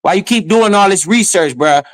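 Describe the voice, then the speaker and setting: Guy ranting on stream, aave, heckles a lot, kinda high voice, dry close mic. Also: moderate pace, no echo. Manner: animated, heckling, swears and laughs often. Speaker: finance streamer. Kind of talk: casual commentary over a played clip.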